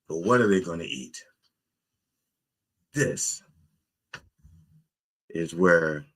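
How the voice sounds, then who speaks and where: A man's voice: fairly low pitch, fairly bright tone, slightly rough. A man giving a playful, comedic sermon, explaining a story with chatty asides. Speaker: preacher.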